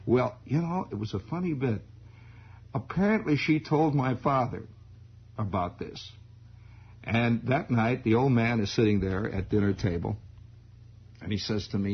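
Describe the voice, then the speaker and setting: A man telling a childhood story in an animated, digressive radio monologue, chuckling as he goes, on a lo-fi 1960s radio broadcast. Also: medium pitch, a little slow, long pauses, husky.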